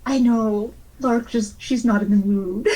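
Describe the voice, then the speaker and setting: A woman player in a tabletop game, speaking slowly and deliberately. Her delivery is dry and laid-back as she narrates her character. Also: on the high side, steady tone, dark tone, low-quality recording. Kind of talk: tabletop role-play.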